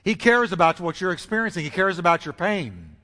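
Male pastor preaching, high and bright, dramatic swings and repetition, hall reverb. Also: sing-song, fairly quick. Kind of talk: sermon. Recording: long reverb of a large hall.

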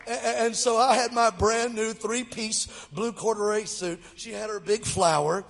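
Man, middle-aged, high voice, playful guest preacher, long hall reverb. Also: moderate pace, gravelly. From Mobile, Alabama, US. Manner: lively, jokes with the audience. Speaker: guest speaker. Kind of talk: humorous sermon storytelling.

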